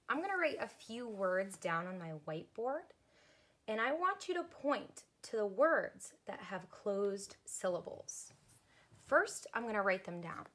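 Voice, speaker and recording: A woman teacher slowly demonstrating closed syllables with letter cards, sounding out each letter patiently. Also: on the high side, fairly bright tone. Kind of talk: recorded phonics lesson.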